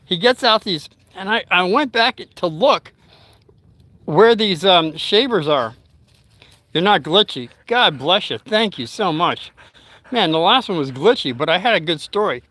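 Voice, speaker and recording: A man's voice: high-pitched, expressive, a little slow, pushed and bright, dry recording. An older man telling a rambling story to his live chat, stopping to talk to his dog. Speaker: vlogger. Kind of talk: casual storytelling livestream.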